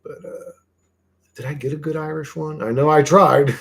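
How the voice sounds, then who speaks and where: A man's voice: fairly high pitch, steady tone, normal speed, vocal fry, a bit bright. A man hosting a livestream, chatting to viewers in a loose, rambling way, swearing casually and trailing off into fillers. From Greek heritage. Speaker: livestream host.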